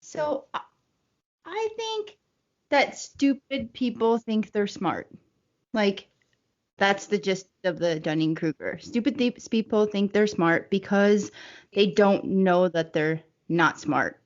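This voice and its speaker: A woman co-hosting a casual late-night podcast chat, blunt and quick to laugh. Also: medium pitch, lively intonation. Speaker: podcast co-host. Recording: dull lo-fi podcast audio.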